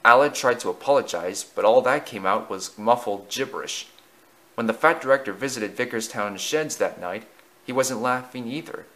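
A man narrating a children's railway story in a lively, expressive reading. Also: medium pitch, normal speed.

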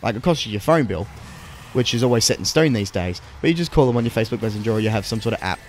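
A man's voice: fairly low pitch, animated, racing, slight background noise. A young man co-hosting a game video in casual, rambling chat, swearing freely. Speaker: let's play co-host.

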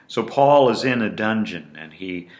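A male pastor preaching a sermon in a deliberate, emphatic way, repeating phrases for weight. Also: lowish voice, expressive. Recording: roomy echo.

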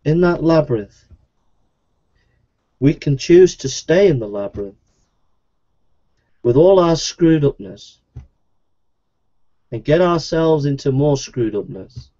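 Earnest male preacher, mellow lo-fi sound. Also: on the high side, animated, takes it slowly, pauses often. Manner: earnest, repetitive evangelistic preaching. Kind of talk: sermon.

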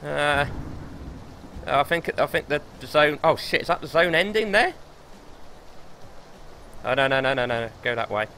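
A young man streaming gameplay live, excitable and swearing as he talks himself through the match. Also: on the high side, unhurried, pauses often, a little hiss or hum. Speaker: gaming streamer.

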